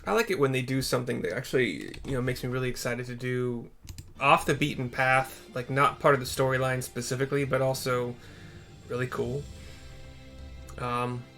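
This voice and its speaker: A man casually commenting on a game quest as he plays, rambling and easily excited. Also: mid-range voice, moderate pace, faint music behind. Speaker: gamer playing through a quest.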